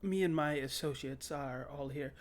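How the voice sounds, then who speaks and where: A man voicing a polite, formal adult man who speaks gently to a child, with a slightly halting delivery. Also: fairly high pitch, natural voice.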